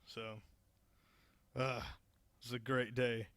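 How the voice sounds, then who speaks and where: A man's voice: mid-range voice, flat delivery, slow pace, fairly bright tone, no room sound. A young man co-hosting a podcast, casually telling a work anecdote with lots of swearing and laughter. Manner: laid-back, profane, laughing through anecdotes. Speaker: podcast co-host. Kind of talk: casual storytelling chat.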